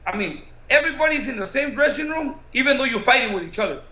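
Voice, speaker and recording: A man, a boxing coach and co-host, telling an animated story and slipping between English and Spanish. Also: extremely high pitch, fast. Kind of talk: casual storytelling. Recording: echoey room, dull lo-fi sound.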